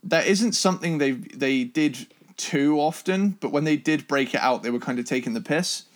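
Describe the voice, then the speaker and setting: A man's voice: a little high, normal speed. A man co-hosting a casual music review chat, enthusiastic and rambling, with restarts and the odd swear. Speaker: podcast co-host.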